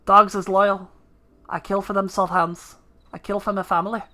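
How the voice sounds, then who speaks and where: A woman's voice: mid-range voice, little pitch movement, normal speed, bright, forceful tone, lightly acted. A woman voicing a fierce young female pirate captain with a put-on Scottish accent, curt and menacing.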